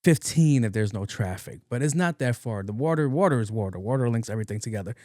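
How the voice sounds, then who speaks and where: A man's voice: mid-range voice, lively intonation, fast talker, warm tone, no room sound, studio quality. A man hosting his own podcast in a casual, rambling, profane monologue, often repeating words playfully. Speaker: podcast host.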